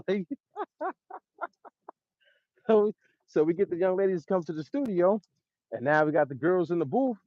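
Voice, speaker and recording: A man, a music producer, telling studio stories in a loose, animated way, acting out voices with laughs. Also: high voice, no echo. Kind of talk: casual storytelling. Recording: dull dry sound.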